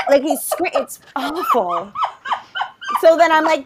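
A woman, telling funny parenting stories on a podcast and loudly mimicking her young son. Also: sits high, slow pace, heavy background noise. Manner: animated, swings into loud mimicking of her son. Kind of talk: casual comedic storytelling.

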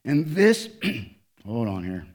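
A male pastor preaching a sermon, swinging from loud, emphatic lines to quiet, low asides. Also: very animated, slow.

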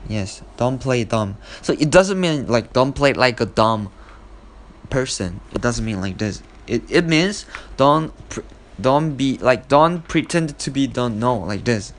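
Man explaining English in halting learner speech. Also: mid-range voice, expressive, a little hiss or hum. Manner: explains slowly with hesitant fillers and acted-out example quotes; non-fluent learner's English grammar. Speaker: host of an English expression podcast. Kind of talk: casual spoken English lesson.

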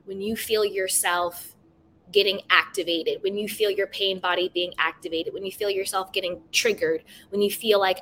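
A woman's voice: medium pitch, moderate pace, a little hiss or hum. Woman hosting a self-help podcast. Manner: gentle, repetitive affirmations with many "you know" fillers. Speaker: podcast host.

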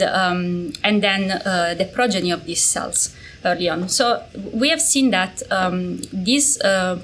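Italian-accented woman, panel guest, mid pitch, hesitant and full of fillers, faint hiss. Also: fairly bright tone. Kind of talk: academic panel discussion.

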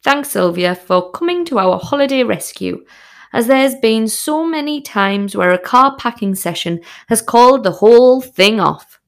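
A woman voicing her exasperated, sweary husband, shouting sarcastically over a gale in a spoken story. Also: on the high side, lively intonation, a little slow. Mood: grateful.

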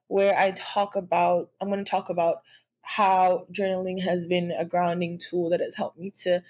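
A woman's voice: medium pitch, slightly rough. A young woman from Nigeria telling a personal story in a candid, conversational vlog, with frequent fillers and restarts. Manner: occasional laughs while speaking. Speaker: vlogger.

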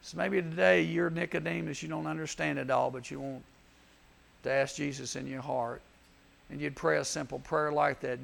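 A man preaching gently and earnestly at a camp chapel, leading a prayer and an invitation. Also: fairly high pitch, steady tone, moderate pace, vocal fry. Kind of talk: sermon with altar call prayer.

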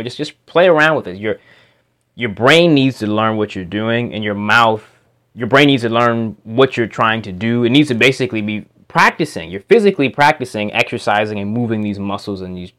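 A man teaching how to make a speech sound, explaining slowly and repeating practice words and sounds in a demonstrative way. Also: fairly low pitch, animated, a bit bright. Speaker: pronunciation teacher. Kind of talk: instructional explanation. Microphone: home microphone.

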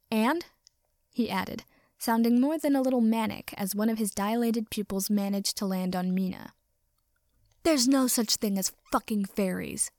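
A woman's voice: on the high side, a little mellow, no room sound, studio quality, close to an everyday voice. A woman voicing a dazed, angry male street thug who rants coarsely and a little manically.

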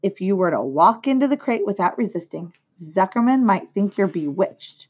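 A woman reading aloud, voicing a wise, calm female spider who speaks firmly. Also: mid-range voice, moderate pace, husky, muffled recording. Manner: firm and instructive.

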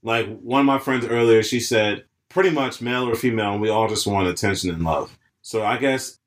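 A young man co-hosting a podcast in casual chat, laid-back and quick to laugh, with long rambling asides. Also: fairly low pitch. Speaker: podcast co-host.

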